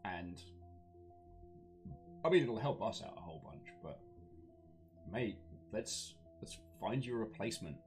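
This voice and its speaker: A man's voice: on the low side, lively intonation, a little slow, pauses often, faint music behind. A man playing in a tabletop game, friendly, coaxing and playful in character. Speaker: player. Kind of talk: in-character play.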